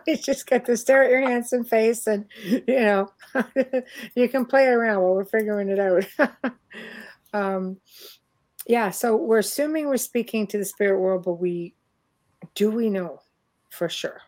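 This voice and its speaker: A woman's voice: on the high side, measured pace, long pauses, a little mellow. A middle-aged Canadian woman hosting a casual chat over a video call, talking freely and laughing often. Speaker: host.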